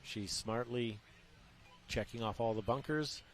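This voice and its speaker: A man's voice: mid-range voice, slight background noise. Man calling play-by-play. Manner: quick play-by-play, excitable. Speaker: commentator. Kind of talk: live sports commentary.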